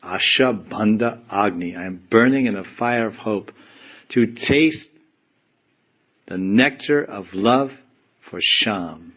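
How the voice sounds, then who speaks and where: Low-voiced man teaching a devotional class. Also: lively intonation, lo-fi sound. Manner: slow, meditative storytelling. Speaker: spiritual teacher.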